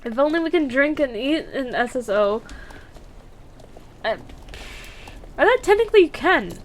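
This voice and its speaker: A woman's voice: sits high, sing-song, normal speed, slight background noise. A woman streamer chatting casually and laughing at herself while playing a horse-riding game. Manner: chatty, giggly, self-deprecating. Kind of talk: casual gameplay commentary.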